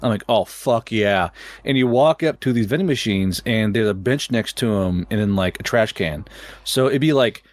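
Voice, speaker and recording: Brief: casual male storyteller, mid pitch, dry close sound, swears a lot, trips over his words. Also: lively intonation, fairly quick, no room sound. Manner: rambling, profane, stammering restarts, laughing.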